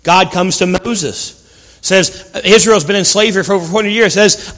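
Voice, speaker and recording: A man delivers a sermon in a high, bright-edged voice, retelling the story with passion. His delivery swings between hushed, drawn-out lines and loud, urgent bursts. A long reverb trails each phrase, as in a large hall. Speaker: preacher.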